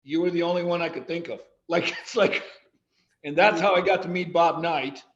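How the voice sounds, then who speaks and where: On a relaxed podcast interview, a former coach now serving as athletic director shares stories with animation, often quoting what others said. He speaks at a moderate pace in a fairly high voice, captured in a roomy, muffled recording.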